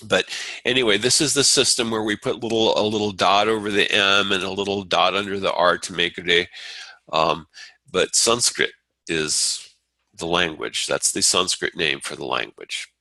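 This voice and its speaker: A man teaching a Sanskrit class, explaining at an unhurried pace with frequent fillers and restarts. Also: sits low, pushed and bright, dry recording, poor audio. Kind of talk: lecture.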